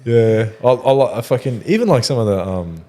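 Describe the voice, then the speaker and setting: A man's voice: medium pitch, big pitch swings, fairly quick, warm tone. A young Australian man co-hosting a casual podcast, swearing freely and laughing often as he chats. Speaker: podcast co-host. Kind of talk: casual chat.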